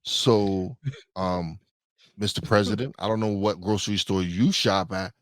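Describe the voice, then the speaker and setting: A man's voice: low-pitched, steady tone, unhurried, no echo, studio quality. A man co-hosting a podcast in casual chat, talking bluntly and emphatically in slang and often repeating himself. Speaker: podcast co-host.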